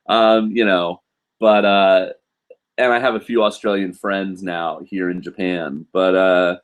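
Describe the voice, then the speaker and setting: A man hosting a live question-and-answer stream, talking casually with lots of ums and restarts while he reads comments. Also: lowish voice. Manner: rambling, filler-heavy, chatty. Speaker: host.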